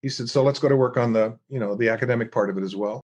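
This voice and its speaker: A middle-aged man, a guest author and speaker, telling lively stories in an interview and acting out the people he quotes. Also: medium pitch, rapid-fire. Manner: animated storyteller acting out quoted voices. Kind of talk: storytelling interview chat.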